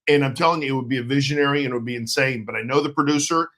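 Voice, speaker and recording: A middle-aged man co-hosting a casual livestream, teasing and joking with halting fillers. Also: mid-range voice, a bit bright. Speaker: co-host, author's partner. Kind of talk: casual live chat.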